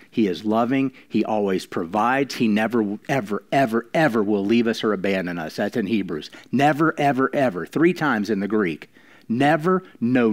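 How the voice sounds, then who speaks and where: In a church, a man with a lowish voice preaches a sermon. He slows down for emphasis and drops to quiet, intimate lines between his louder, emphatic ones.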